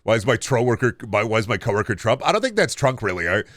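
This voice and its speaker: A young man streaming a game, talking casually and rambling with lots of swearing as he answers chat, his pitch jumping up and down. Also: sing-song, fast talker, fairly bright tone, no echo, clean studio sound. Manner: rambling and profane, reacting to chat; pitch leaps up and down often. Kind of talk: casual live-stream chat while gaming.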